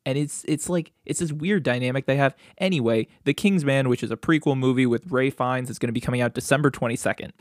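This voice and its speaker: A man's voice: mid-range voice, quick pace, hardly any pauses, no room sound, clean studio sound. A man co-hosting a podcast in casual chat, rambling and laid-back, chuckling often. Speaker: podcast co-host.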